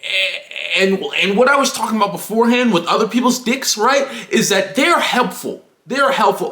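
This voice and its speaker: A young man rants through a comic storytime, animated and profane, with exaggerated emphasis. His voice is high and bright and leaps around in pitch. The sound bounces around an echoey room. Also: normal speed. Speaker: YouTuber. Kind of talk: comedic storytime rant.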